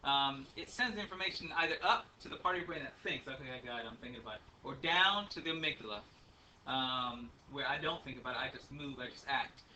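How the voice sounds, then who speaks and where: A man's voice: on the high side, brisk, pushed and bright. A man teaching a math class, lecturing in a chatty, rambling way with many ums and uhs. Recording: faint room noise, speaker a bit far from the mic.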